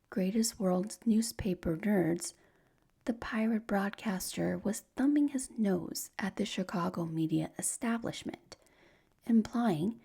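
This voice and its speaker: Slow breathy whispering woman narrator. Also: mid-range voice. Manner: slow soft whispered storytelling. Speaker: sleep story narrator. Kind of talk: whispered role-play.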